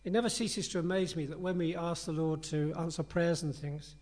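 This preacher moves fairly quickly as he leads his congregation through a passage, keeping the tone casual, sincere, and reflective. His voice sits a bit higher than most men's.

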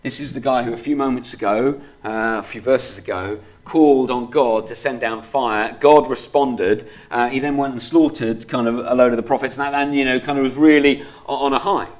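A man's voice: mid-range voice, fairly even intonation, normal speed, hardly any pauses. Guy preaching a sermon, chatty, lots of kind of and you know, reads the bible passage out. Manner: conversational, many fillers like "kind of" and "you know"; reads scripture aloud steadily. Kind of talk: sermon with scripture reading.

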